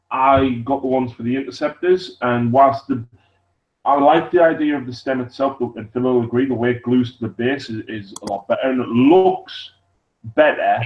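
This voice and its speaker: A man co-hosting a casual live chat, chatting and reading out viewer comments. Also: medium pitch. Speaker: co-host. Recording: roomy, distant and dull.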